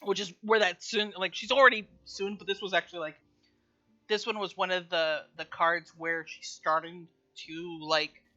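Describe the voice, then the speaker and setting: A woman's voice: fairly low pitch, moderate pace, dull audio, faint music behind. A woman streaming a game and chatting casually, telling stories animatedly and acting out scenes. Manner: animated storyteller, acts out scenes with loud squeals. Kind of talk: casual gaming stream chat.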